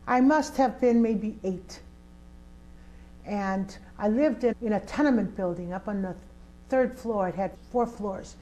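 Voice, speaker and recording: A woman's voice: mid-range voice, a little mellow, a little hiss or hum, low-quality recording. An older woman, a community organizer, telling a personal story in an interview with vivid, emphatic delivery. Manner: vivid, emphatic storyteller who acts out scenes.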